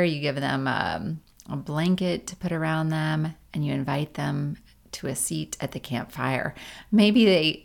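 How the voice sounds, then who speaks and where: A woman leading a guided meditation in a gentle, unhurried way, with casual fillers along the way. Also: deep voice, creaky.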